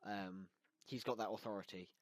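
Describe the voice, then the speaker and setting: A man's voice: lowish voice, fairly even intonation, normal speed, dry recording. Male host, casual and hesitant chat, lots of ums, dry close mic. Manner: hesitant, frequent ums, laughs often.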